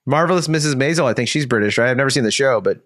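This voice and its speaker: A man's voice: very fast, a bit bright, no echo, studio quality. A man co-hosting a comedy podcast in casual chat, rambling with many fillers and popping into mocking voices. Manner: rambling, lots of "like", jumps into high mocking voices for quoted people.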